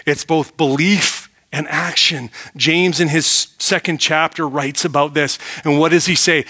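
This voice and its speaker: A middle-aged male pastor delivering a sermon in a bright, slightly high voice. He presses his points with emphasis and poses rhetorical questions, often sinking to a near hush to let a line land. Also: fairly even intonation, a little slow, hardly any pauses.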